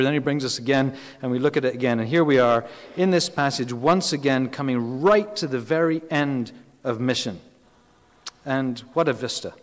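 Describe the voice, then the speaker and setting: A man preaching a sermon in a chatty way, breaking off for asides and throwing questions to the congregation. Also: mid-range voice. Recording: reverberant hall.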